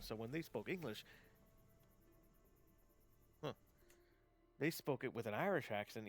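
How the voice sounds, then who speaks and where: A man talks loosely while he plays, piling up fillers and false starts and breaking into laughter. His voice sits at an ordinary pitch, and faint game music hums underneath. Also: dry recording. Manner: rambling, many fillers and restarts, laughs often, excitable. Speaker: streamer. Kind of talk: casual live-stream chat while gaming. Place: home setup, gaming stream.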